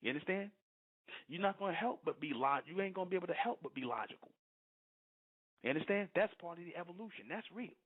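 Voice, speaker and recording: A man's voice: high-pitched, expressive, fast. A man preaching to followers, repeating his points and often asking whether listeners understand. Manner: repetitive, keeps asking "you understand?". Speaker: spiritual teacher. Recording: thin phone-like lo-fi audio.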